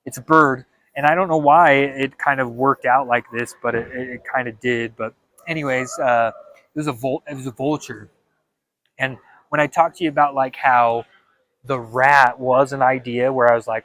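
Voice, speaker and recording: A young man talking in a casual vlog monologue, animated and dramatic, with frequent stammered restarts. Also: mid-range voice, moderate pace. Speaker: vlogger.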